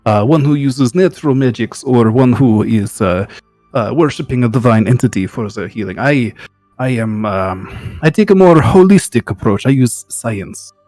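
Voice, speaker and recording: A man voicing an eccentric male healer who trusts science, speaking in a put-on Russian accent and pausing to hunt for words. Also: mid-range voice, expressive, a little mellow, no echo, faint music behind, lightly acted. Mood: earnest, pedantic. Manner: halting, searching for words.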